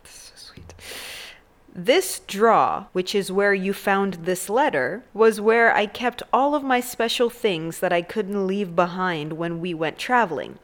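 A woman in her thirties hosting a comedic solo show, animated and crude, with self-mocking jokes. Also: mid-range voice. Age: 30s. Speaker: host.

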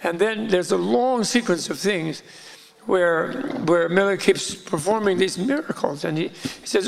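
A man casually retelling a legend in an animated, rambling way, full of asides. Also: high voice, measured pace, gravelly. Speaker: storyteller. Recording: long hall reverb.

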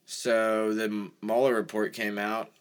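A young man co-hosting a casual podcast, talking haltingly with many ums and a deadpan delivery. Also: lowish voice, smooth. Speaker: podcast co-host.

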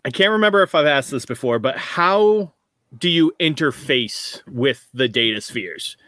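A man's voice: mid-range voice, lively intonation, normal speed, sharp tone, no echo. A man playing a tabletop game, methodical and asking questions. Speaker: player.

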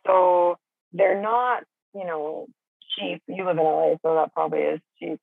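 A woman's voice: fairly low pitch, moderate pace, gravelly, no echo. A middle-aged woman chatting casually as a caller, swearing and rambling with lots of fillers. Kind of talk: casual chat. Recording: phone line.

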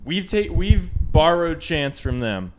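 A man's voice: on the high side, very animated, slow, a little hiss or hum. A man hosting a casual podcast, talking in a loose, rambling way with many restarts. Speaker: podcast host.

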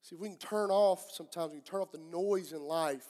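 A middle-aged Southern US pastor with a notably high, bright-pitched voice preaches to his congregation. His words ring out with a long reverb through the church hall. He is earnest and questioning, and he stumbles into restarts as he goes. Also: brisk. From southeastern United States. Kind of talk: sermon. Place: church sanctuary.

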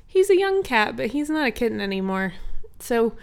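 A woman's voice: on the high side, very animated, normal speed, gravelly. A woman hosting a podcast, telling an improvised bedtime story in an easygoing way with many fillers. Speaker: podcast host.

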